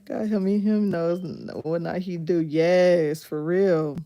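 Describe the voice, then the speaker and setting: A woman's voice: lowish voice, fairly even intonation, takes it slowly, warm tone. A woman, hosting a casual livestream chat, laughing often and talking back animatedly to her viewers. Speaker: livestream host. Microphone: phone.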